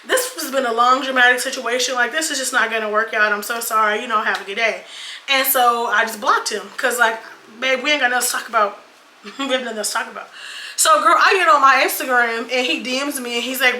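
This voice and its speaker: A little high with a sharp tone, a young beauty vlogger in her twenties chats through a dating storytime while doing her makeup, swearing and calling viewers y'all and girl. The get-ready-with-me clip is recorded in an echoey room with faint ambience and slight background noise.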